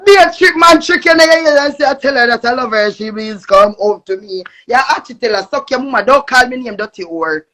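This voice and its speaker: A young woman with a Jamaican accent ranting angrily on a live stream, cursing and shouting. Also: on the high side, animated, a little fast, few pauses. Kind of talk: angry live-stream rant.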